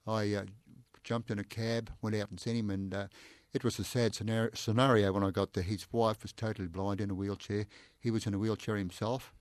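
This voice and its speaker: A man's voice: lowish voice, brisk, no room sound. An older man with an Australian accent, a former police inspector, telling stories in an interview with frequent "I said" repeats and laughter. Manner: animated, repeats "I said" often, laughs while telling. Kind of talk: anecdotal storytelling in conversation.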